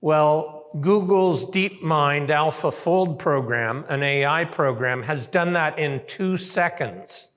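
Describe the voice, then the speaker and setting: A man from Canada delivers a conference keynote at a slow, deliberate pace. His voice sits slightly high, and he draws the audience in with questions. The sound carries the long reverb of a big hotel hall. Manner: lively, asks the audience questions. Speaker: keynote speaker.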